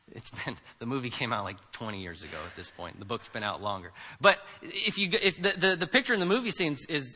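Male pastor, slightly high and very bright voice, emphatic conversational sermon, long reverb of a church hall. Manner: conversational, emphatic preaching with rhetorical questions.

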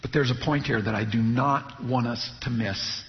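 A man preaching an expository sermon, teaching in a measured way and asking his listeners rhetorical questions. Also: medium pitch. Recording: muffled recording with long hall reverb.

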